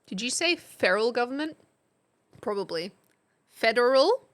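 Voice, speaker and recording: A woman's voice: fairly high pitch, expressive, unhurried, a bit bright. An Australian woman streamer giving a casual history lesson, chatty and playful and often laughing.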